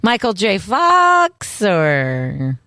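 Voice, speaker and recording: Playful lady cohost chatting, pitch all over the place, dry close mic. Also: extremely slow, no room sound. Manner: playful, animated, laughs often. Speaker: podcast co-host. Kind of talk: casual chat.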